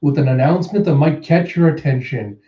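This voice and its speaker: A man's voice: a little high, lively intonation, brisk, reverberant, highs cut off, natural voice. A man voicing a huge, menacing male pirate overlord while reading a comic aloud, close to his own voice. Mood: commanding.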